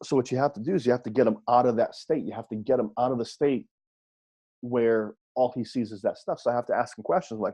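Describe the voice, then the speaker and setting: Husky-voiced man coaching in a seminar. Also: medium pitch, fast talker, mellow. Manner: checks in with rhetorical questions; repeats points for emphasis. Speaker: wrestling coach. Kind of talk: audio seminar talk.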